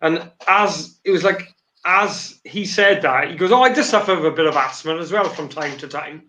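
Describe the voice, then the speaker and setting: Man, co-host, bright sharp voice, storytelling, casual banter. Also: on the high side, lively intonation, moderate pace, a little hiss or hum. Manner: storytelling, mimicking others with laughter.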